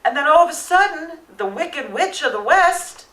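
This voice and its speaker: Bright, high-voiced woman stage manager. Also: expressive, moderate pace, echoey room, far from the mic, poor audio. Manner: vivid storyteller, shouts quoted lines. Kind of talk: interview anecdote.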